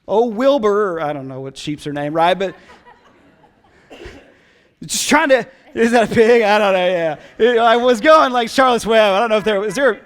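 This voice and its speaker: A middle-aged man preaching with a fairly high voice, at ease with his congregation. He climbs to loud emphatic peaks, then drops to near whispers. The sound carries a long reverb from a church hall. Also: animated, moderate pace. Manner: swings from loud emphatic build-ups to hushed whispers; conversational, jokes with the congregation. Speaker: pastor. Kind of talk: sermon.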